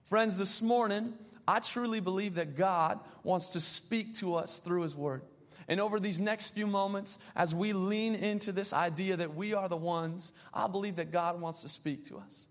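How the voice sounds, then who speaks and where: Young male pastor, high-pitched, lively storytelling sermon, long reverb of a big hall. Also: moderate pace. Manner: animated storytelling with playful asides.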